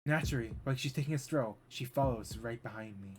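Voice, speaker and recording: A man's voice: medium pitch, moderate pace, slight background noise. A man streaming as a VTuber, reading a visual novel aloud with drama and breaking into rambling asides.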